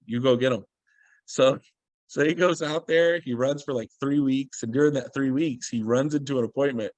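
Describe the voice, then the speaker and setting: A man's voice: medium pitch, dry recording. A man speaking as a guest on a video call, telling a story with energy and acting out what people said. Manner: animated storyteller, acts out quoted dialogue.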